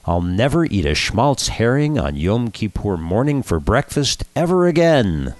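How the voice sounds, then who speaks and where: A man voicing a desperate, thirsty man who begs the rabbi in a high, whiny voice within a joke. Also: sing-song, a little slow, a little mellow, dry recording, soft background music. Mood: pleading. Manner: pleading, whiny.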